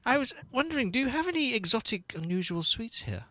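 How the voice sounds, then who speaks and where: A man's voice: extremely high pitch, very animated, fast, pushed and bright, no room sound, heavily acted. A man playing an overly polite, apologetic traveler who stammers in an improvised comedy sketch.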